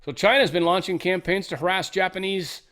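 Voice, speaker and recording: A man's voice: high voice, steady tone, a little fast, a bit bright. A man hosting a casual news commentary show, rambling and sarcastic, swearing now and then and slipping into mock voices. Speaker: host.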